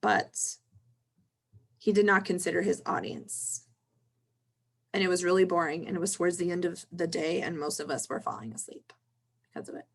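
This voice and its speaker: A woman's voice: fairly low pitch, moderate pace, vocal fry, long pauses. A woman instructor leading an online class discussion in a chatty manner, laughing easily, over a video call.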